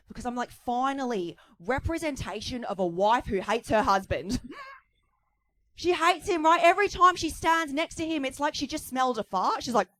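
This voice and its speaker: A woman performing a stand-up set with punchy, animated joke delivery. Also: on the high side. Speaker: stand-up comedian.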